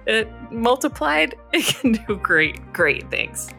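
A woman's voice: on the high side, very animated, slow, creaky, pushed and bright, soft background music. A woman co-hosting a podcast, telling a story casually and laughing often. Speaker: podcast co-host.

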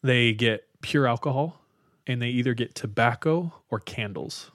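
A man co-hosting a podcast, casually retelling a spooky story with lots of fillers and a hushed tone for the eerie parts. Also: mid-range voice, unhurried, dry recording, studio quality. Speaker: podcast co-host telling a story.

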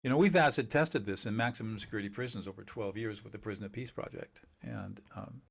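Animated gravelly-voiced man explaining. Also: fairly low pitch, fast talker. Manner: animated, emphatic, laughs often, acts out quoted dialogue. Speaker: communication teacher and guest. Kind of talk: conversational interview.

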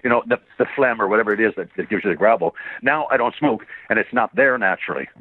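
An older man, a voice actor, talking in a rambling and laughing way in a casual interview, swearing freely and tiring his voice quickly. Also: lowish voice. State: gets hoarse quickly. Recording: tinny phone-line sound, dry.

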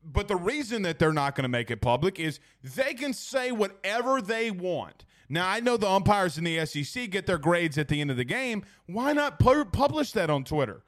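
A young man hosts a loose sports talk stream, and his voice sits high for a man. He rambles and rants with plenty of fillers, restarts and asides to the chat. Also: very animated, normal speed, hardly any pauses, a bit bright. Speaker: sports talk show host.

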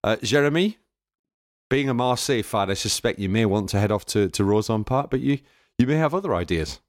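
A man's voice: mid-range voice, animated, fairly quick, no echo, clean studio sound. A man hosting a football podcast, chatty and playful, poking fun at himself. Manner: chatty, self-mocking, playful. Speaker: podcast host. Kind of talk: casual chat.

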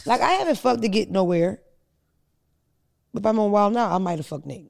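A woman's voice: mid-range voice, lively intonation, a little fast, vocal fry. A woman comedian hosting a podcast, chatting casually with blunt, profane storytelling.

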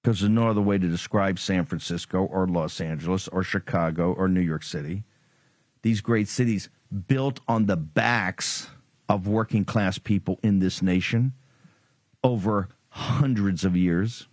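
A man's voice: deep voice, unhurried, darkish tone, no room sound. A man hosting a political talk show, delivering a combative, taunting monologue full of sarcasm.

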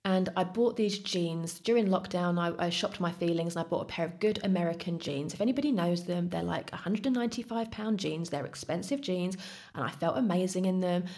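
A woman's voice: fairly low pitch, fairly quick. A woman from England, a guest on a podcast, telling her own story in casual chat and acting out what she and others said. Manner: lively storytelling, acts out her own past words.

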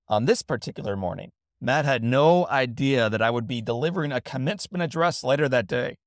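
A middle-aged man hosting a reflective spoken essay, telling a story in an earnest, measured way and reading passages reverently into a studio microphone. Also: medium pitch, dry recording. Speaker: host and motivational speaker.

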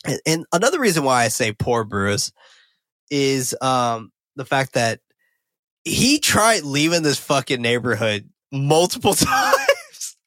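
Man, podcast co-host, casual film recap, cursing, excitable bursts, dry close sound. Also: mid-range voice, slow pace, no echo. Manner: laid-back, swears freely, gets loud and excited when joking. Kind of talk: casual movie recap chat.

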